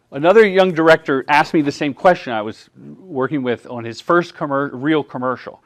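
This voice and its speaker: Man, middle-aged, workshop presenter, slightly high voice, acts out quoted dialogue. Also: expressive, normal speed. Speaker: workshop presenter, commercial director. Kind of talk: workshop talk answering audience questions. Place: workshop room at a film festival.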